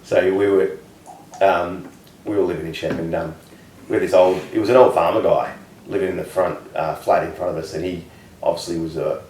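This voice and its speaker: Deep-voiced Australian man telling a rambling story. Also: fairly even intonation, a little fast, a little mellow, reverberant, distant mic, slight background noise, low-quality recording. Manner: rambling anecdotes with laughs. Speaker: comedian guest. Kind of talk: casual chat, storytelling.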